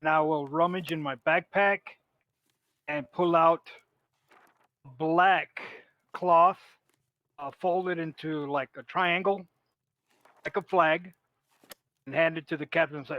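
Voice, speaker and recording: A man playing in a tabletop game, talking loudly and with energy. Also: fairly high pitch, fairly even intonation, slow pace, pauses often, dry recording. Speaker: player. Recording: dry, lo-fi mic.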